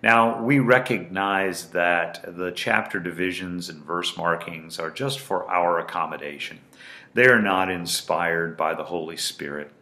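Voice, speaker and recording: A man preaching in a slow, measured sermon, leaning hard on key phrases and repeating them. His voice sits very low yet carries a bright, forceful edge. The sound is roomy and echoing. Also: steady tone. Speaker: pastor. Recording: roomy echo.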